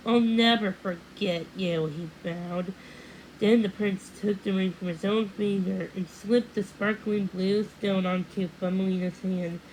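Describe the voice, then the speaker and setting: A woman gently reading a storybook aloud. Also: medium pitch, creaky, slight background noise, low-quality recording. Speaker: storybook reader. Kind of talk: read-aloud storybook narration.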